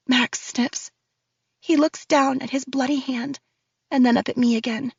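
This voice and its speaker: Woman reading a thriller audiobook, breathy tense voice, a bit high, dull dry sound. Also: steady tone, a little slow, no echo. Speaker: audiobook narrator. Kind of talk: first-person thriller narration.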